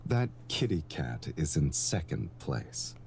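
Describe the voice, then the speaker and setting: A man voicing a suave, affectionate adult man in a romance game, with a low, slow, intimate delivery. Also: sing-song, creaky, darkish tone, slight background noise, heavily acted. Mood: tender. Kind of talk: dubbed game dialogue.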